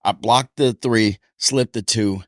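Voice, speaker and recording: A man's voice: lowish voice, slow, no room sound, studio quality. A man co-hosting a casual talk show, telling sparring stories with frequent laughter. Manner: laughing storyteller, animated. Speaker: podcast co-host, boxer. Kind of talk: casual chat.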